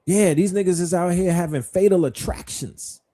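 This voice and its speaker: A middle-aged man's voice, a touch higher than most men's, with a warm, dark timbre. He hosts a livestream in a blunt, profane commentary style and keeps firing rhetorical questions at his audience. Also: normal speed. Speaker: livestream host.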